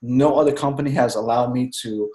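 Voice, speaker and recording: An excited man chats on a group call in a mid-pitched voice, rambling from one thought to the next and tossing in "man" at the end of his sentences. His voice comes through with a roomy echo, as if heard across a call line. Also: fairly quick. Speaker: team member speaking on a group call. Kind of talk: casual chat on a conference call.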